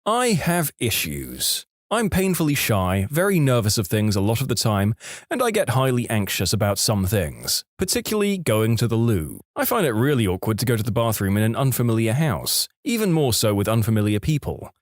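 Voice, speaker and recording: A man narrating online stories in a lively scripted storytelling read. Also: mid-range voice, brisk, no echo, studio quality.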